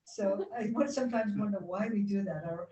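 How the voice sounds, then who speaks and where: A woman giving a spiritual talk to a congregation, guiding them gently and chatting with the audience. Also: medium pitch, brisk, recorded from a distance. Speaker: guest speaker. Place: church hall. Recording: roomy hall sound from off-mic.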